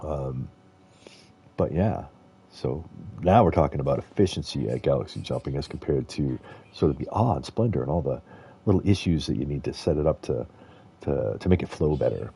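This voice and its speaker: His rumbling low voice is dark, creaky, and breathy, yet expressive, delivered at a normal speed. He's a man streaming a video game, chatting casually and rambling while chuckling often.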